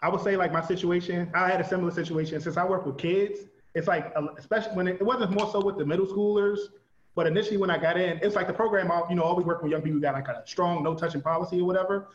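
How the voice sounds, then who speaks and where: A man in his thirties from Washington, DC, an art teacher and guest in a casual conversation. He talks in loose, rapid runs full of "like.". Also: high voice, steady tone. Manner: rapid, loose, heavy use of filler "like". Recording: roomy, slightly dull sound.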